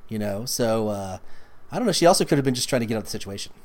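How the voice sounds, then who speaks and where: Quick, lively joking man. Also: lowish voice. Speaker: podcast co-host. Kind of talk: casual film discussion.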